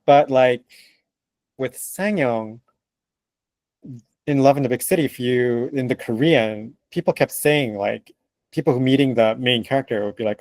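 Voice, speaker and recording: Animated, emphatic male translator. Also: medium pitch, moderate pace, no echo. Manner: animated and emphatic, laughing, acting out quoted remarks. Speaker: translator, guest. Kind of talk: conversational interview answers.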